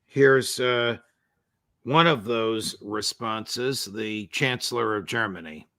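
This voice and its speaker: A man hosting an interview, asking deliberate, polite questions in a conversational way. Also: fairly low pitch, sharp tone, no echo, clean studio sound. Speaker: host.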